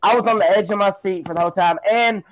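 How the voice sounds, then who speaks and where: High-voiced man in his thirties chatting. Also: quick pace, poor audio. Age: 30s. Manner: animated, emphatic, talks over others. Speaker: podcast co-host. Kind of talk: casual chat about football.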